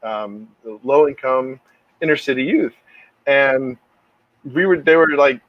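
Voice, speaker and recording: A man's voice: mid-range voice, expressive, a little slow, dull audio. A middle-aged man co-hosting a podcast, telling rambling, laughing anecdotes in casual chat. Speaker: podcast co-host.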